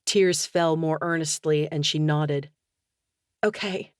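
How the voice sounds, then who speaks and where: A woman narrating an audiobook in a steady, measured way. Her voice sits on the low side. The recording is close and dry. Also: no echo. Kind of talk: scripted narration.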